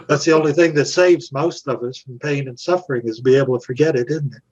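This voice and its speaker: An older man, an actor and puppeteer, telling anecdotes as an interview guest, animated and chuckling as he acts out quotes. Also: mid-range voice, a little fast, breathy edge, dull audio.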